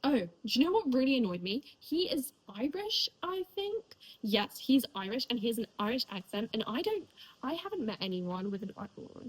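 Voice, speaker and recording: Breathy, chatty young woman reviewing books. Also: fairly high pitch, sing-song, normal speed, poor audio. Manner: rambling, filler-heavy and chatty, with frequent likes. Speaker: book reviewer. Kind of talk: casual chat.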